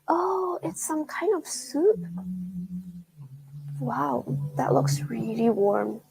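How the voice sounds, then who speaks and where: A young woman hosting a live travel vlog, chatting excitedly while tasting food at a restaurant. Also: high-pitched, drawn-out words, vocal fry, pauses often, faint music behind, poor audio. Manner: chatty and excitable, with frequent gasps and laughs. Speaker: travel show host. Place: indoors at a restaurant.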